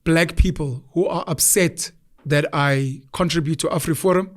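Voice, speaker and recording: Animated South African man, high voice. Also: moderate pace. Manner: animated storyteller acting out quoted voices. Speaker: podcast host. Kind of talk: casual conversation.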